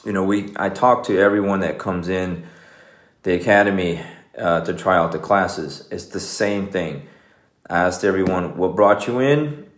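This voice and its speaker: The same forties-aged jiu-jitsu coach speaks with a deep voice and fairly even intonation at an ordinary pace. His motivational talk is casual and full of "man" and "you know," and the room sounds echoey.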